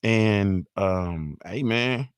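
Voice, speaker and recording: A man's voice: on the low side, sing-song, drawn-out words, dry recording, clean studio sound. Laid-back man hosting a talk show. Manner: laid-back, loose and conversational, peppered with fillers and repeated tags. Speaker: host. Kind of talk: casual sports talk show.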